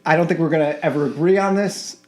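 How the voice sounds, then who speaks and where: A man's voice: fairly high pitch, quick pace. A man, co-hosting a podcast in easygoing, loose casual chat with frequent chuckles. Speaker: podcast co-host.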